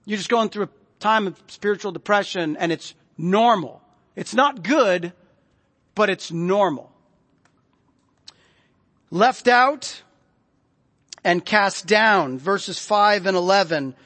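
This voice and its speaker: A man preaching in an easy, conversational way, with a fairly high voice. He often sinks into soft, low tones to stress a point. His voice rings with the long reverb of a large hall. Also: takes it slowly, pauses often. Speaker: pastor. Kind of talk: sermon. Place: church sanctuary.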